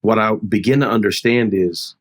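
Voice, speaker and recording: Middle-aged male pastor, low-pitched, heartfelt storyteller on an interview show. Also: moderate pace. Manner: earnest, heartfelt, re-enacts dialogue. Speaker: pastor, guest. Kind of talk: conversational storytelling.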